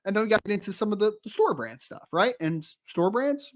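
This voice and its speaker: A man's voice: sits high, big pitch swings, a little fast. Rambling young man on a podcast. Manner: rambling, easily sidetracked, joking. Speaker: podcast co-host. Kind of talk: live-stream casual chat.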